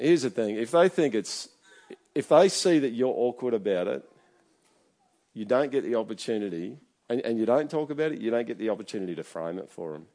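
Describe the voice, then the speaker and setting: Speaking in a mellow, fairly low voice, this middle-aged pastor gives a sermon that feels like a conversation. His manner is chatty, and he often checks in with his listeners.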